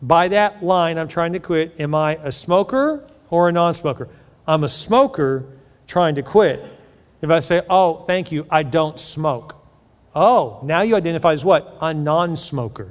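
A man preaching a sermon as pastor, animated and joking, acting out the voices he quotes. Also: on the high side, moderate pace. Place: church. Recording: long reverb of a church hall.

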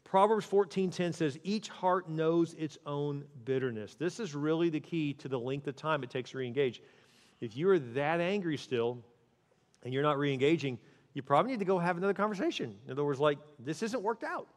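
This male pastor delivers a conversational sermon about marriage, sometimes dropping into a quiet, soft voice to play out what a spouse might say. He speaks a little high and a little fast, with a long reverb tail behind him.

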